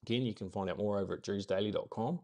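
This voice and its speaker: A man's voice: on the low side, fast, dark tone. A man from New Zealand with a New Zealand accent, hosting a casual motivational live stream, upbeat and rambling, repeating his key phrases. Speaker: host of a daily live stream.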